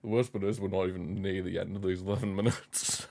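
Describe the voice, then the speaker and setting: A man's voice: sits low, steady tone, fast, creaky, hardly any pauses, darkish tone. Anxious young Englishman, watchalong commentary. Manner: anxious, pleading, exclamatory. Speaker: streamer hosting a football watchalong.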